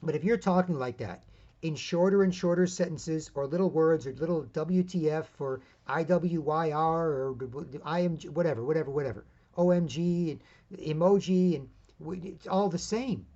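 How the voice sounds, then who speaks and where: A man's voice: fairly high pitch, normal speed, dark tone, lo-fi sound. A man hosting his own independent media show, giving a rambling, emphatic solo commentary full of asides.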